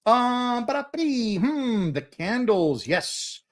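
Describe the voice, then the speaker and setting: Excitable rambling man with a lively voice. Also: high-pitched, moderate pace. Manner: excitable, rambling, repeats words when starting sentences. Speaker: host. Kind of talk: live-stream Q&A chat.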